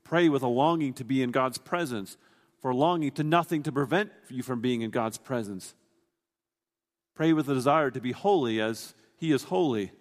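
A man's voice: mid-range voice, moderate pace, long reverb tail. A man preaching a sermon, explaining a scripture passage in an earnest, teaching way, often restarting his sentences.

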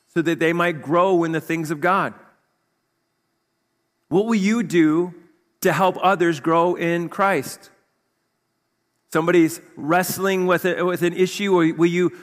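A man preaches in a slightly high voice, talking to the congregation in a loose, conversational way. He keeps pressing them with rhetorical questions, and his words trail off into a long, echoing hall reverb. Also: fairly bright tone. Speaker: pastor. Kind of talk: sermon.

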